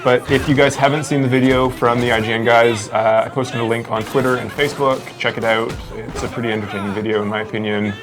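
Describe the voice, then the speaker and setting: A man's voice: mid-range voice, level tone, fast, hardly any pauses, over music. A man co-hosting a live game stream, teasing his co-host with dry humor and pointing viewers to online posts. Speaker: community manager co-hosting a stream. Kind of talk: casual stream chat.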